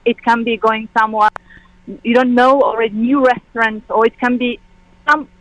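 A woman calling in to a radio show, halting and searching for words. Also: on the high side, steady tone, a bit bright, no echo, low-quality recording. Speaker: caller. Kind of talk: call-in phone chat.

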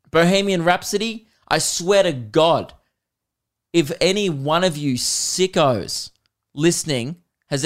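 This man's voice sits on the high side and sounds a bit bright. In his thirties with an Australian accent, he hosts a comedy podcast and tells an exasperated story full of laughter and swearing.

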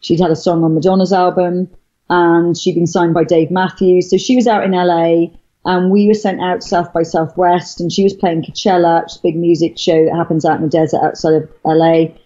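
Her voice sits on the low side, dark in tone, with a flat and slightly fast delivery. She's a middle-aged Welsh guest rambling through her story in casual conversation, restarting often and using lots of fillers, captured in dull lo-fi sound.

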